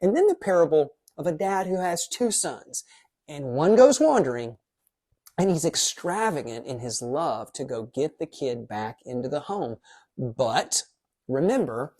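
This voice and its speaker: A pastor giving a casual devotional teaching in a lively, conversational way, dropping quick asides. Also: medium pitch.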